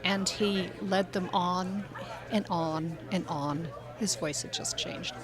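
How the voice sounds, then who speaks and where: A woman co-hosting a podcast, brisk and dry, with self-deprecating humor. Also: on the low side, fairly even intonation, crowd noise. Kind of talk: casual panel chat.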